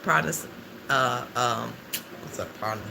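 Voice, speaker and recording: A man with a medium-pitched voice and noticeable vocal fry speaks at an unhurried pace while hosting a casual livestream. He chats freely, answers viewer comments aloud, and laughs often, with noisy ambience in the background.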